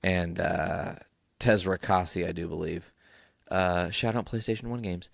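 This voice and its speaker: A young man hosting a podcast alone, recapping excitedly, rambling and swearing freely. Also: sits low, measured pace, gravelly, no room sound, clean studio sound. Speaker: podcast host. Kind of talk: casual solo recap.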